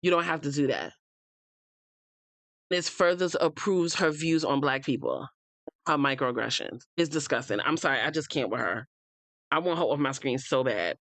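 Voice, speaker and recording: A woman's voice: low-pitched, moderate pace, pauses often, fairly bright tone, no echo. A woman from the United States hosting a reality TV recap, talking bluntly and heatedly, swearing freely and addressing the cast members directly. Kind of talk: opinionated casual recap.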